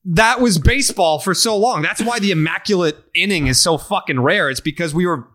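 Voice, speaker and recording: A man's voice: high-pitched, a little fast, fairly bright tone. A man hosting a sports podcast, ranting in a profane, emphatic way during casual chat. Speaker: podcast host.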